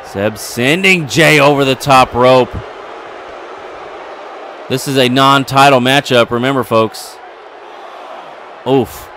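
A man giving excitable play-by-play commentary over a wrestling video game, getting louder at the big moments. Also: mid-range voice, takes it slowly, long pauses, a faint crowd, a little hiss or hum. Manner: excitable, building to yelling at near falls.

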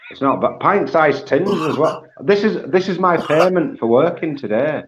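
A man's voice: a little high, animated, normal speed, a little hiss or hum. A man chatting as a radio guest in a laid-back, self-deprecating way. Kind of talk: casual radio banter. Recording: muffled lo-fi audio.

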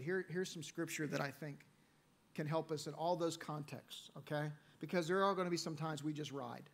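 A male pastor preaching a sermon in a church, telling a personal story and then dropping his voice to read scripture quietly. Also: fairly high pitch, gravelly. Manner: storytelling preacher, swings between loud emphasis and quiet scripture reading. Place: church sanctuary.

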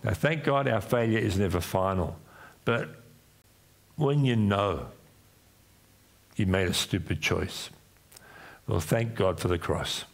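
A man's voice: takes it slowly, creaky, long pauses. A man with an Australian accent, preaching a sermon as pastor in a church, acting out voices when he retells stories. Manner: acts out voices in his retellings, pitch swinging up and down.

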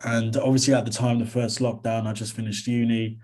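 A man's voice: medium pitch, flat delivery, a little fast, darkish tone. A man, chatting casually and easily as an interview guest, dropping "mate" and "to be honest" along the way. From England. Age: 20s. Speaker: interview guest, comedy content creator.

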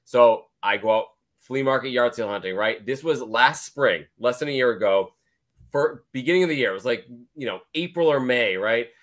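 A man hosting a casual collectors' chat, telling a story in an animated way. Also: mid-range voice, normal speed. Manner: animated storyteller, acts out dialogue.

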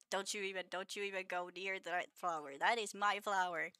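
A woman's voice: mid-range voice, steady tone, measured pace, long pauses, sharp tone, dry recording. A woman streamer chatting casually with her viewers, laughing often and playfully scolding them.

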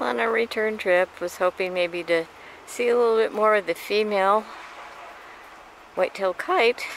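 A woman talks her way through a walk outdoors, narrating wildlife and cooing at the animals as she films. Her voice has a gravelly edge, and the handheld camera picks up plenty of outdoor noise around her. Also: medium pitch. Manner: chatty, coos affectionately at animals. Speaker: vlogger filming wildlife. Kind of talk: casual narration while filming. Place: outdoors by a street and pasture. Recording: noisy outdoor camera audio.

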